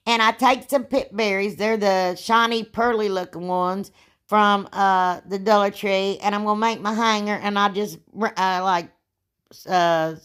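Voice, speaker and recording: A woman, hosting a casual craft tutorial, chatty and rambling, with a sore throat that makes her clear it often. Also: mid-range voice, a bit bright. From Ohio, United States. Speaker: DIY crafts channel host.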